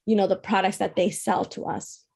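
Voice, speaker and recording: Earnest woman with a gravelly edge. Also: medium pitch, level tone, moderate pace, darkish tone. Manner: earnest, emphatic, making a case. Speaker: store founder, guest. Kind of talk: casual interview chat.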